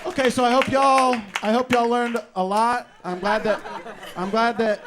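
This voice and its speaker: A man hosts a live comedy show in a high voice. He rambles loudly, swears and laughs, and a crowd can be heard in the room. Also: level tone, normal speed. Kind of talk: live improv comedy hosting. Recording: live room with audience noise.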